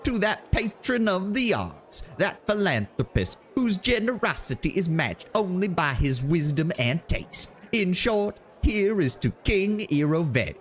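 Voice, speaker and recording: A man voicing a pompous young male half-elf bard, speaking in flowery, drawn-out, mocking toasts. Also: sits high, big pitch swings, soft background music, pitched above the performer's own voice. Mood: grandiose.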